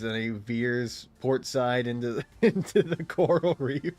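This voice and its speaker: A man's voice: medium pitch, measured pace, few pauses, a little mellow, faint music behind. A young man casually commenting while he plays a video game, rambling and joking with frequent laughs. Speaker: gaming streamer.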